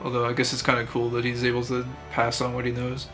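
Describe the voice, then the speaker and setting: Brief: man streamer, casual wry commentary, bright voice, flat delivery. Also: mid-range voice, fast, faint music behind. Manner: wry, laughing asides.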